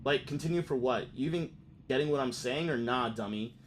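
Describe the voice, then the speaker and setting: A man's voice: medium pitch, brisk, a little hiss or hum. A man streaming a game, chatting loosely with plenty of swearing as he reacts to what he reads on screen. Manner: loose, profane, reacts aloud while reading. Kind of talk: let's play gaming commentary.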